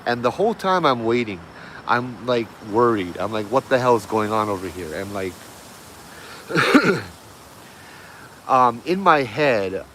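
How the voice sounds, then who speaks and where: In poor audio with a little hiss or hum, a middle-aged man with a mid-range, fairly bright voice relaxedly rambles through a ghost story. He leans on fillers and keeps correcting himself as he goes.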